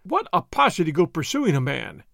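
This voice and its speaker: Man reading as a bold masked highwayman, raised and lively pitch, scornful and commanding, dry close sound. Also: moderate pace, gravelly, dry recording, exaggerated voice. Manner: lofty, declamatory and scornful.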